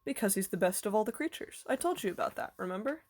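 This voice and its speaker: A woman reading aloud voices a kindly, eccentric old male professor who explains things gently and patiently. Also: medium pitch, expressive, quick pace, natural voice. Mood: warm, explaining.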